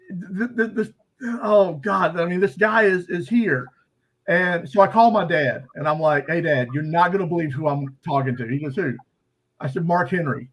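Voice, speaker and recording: A male podcast host with a somewhat raised pitch tells a personal anecdote. He talks casually and with animation, leaning on fillers and restarts as he goes. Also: poor audio. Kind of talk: casual storytelling.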